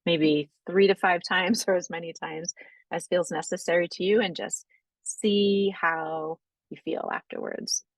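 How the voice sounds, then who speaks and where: A woman teaching breathwork, guiding slow breathing exercises in a gentle, unhurried way, often checking in with "right?". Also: fairly low pitch, sing-song, gravelly, no room sound, low-quality recording. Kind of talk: guided breathing instruction.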